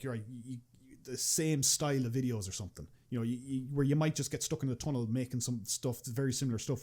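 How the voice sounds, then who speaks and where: This young Irish man, a machinima creator, is a guest on a podcast, chatting casually in a mid-range voice with a darkish tone. He rambles, restarts often, leans on fillers, and swears freely.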